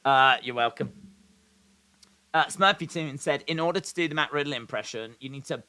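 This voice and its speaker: A man's voice: mid-range voice, normal speed, sharp tone, clear, resonant tone. A man hosting a live watch-along, calling the action and reading viewer comments aloud with dry, sarcastic humour. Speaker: live stream host reacting to wrestling.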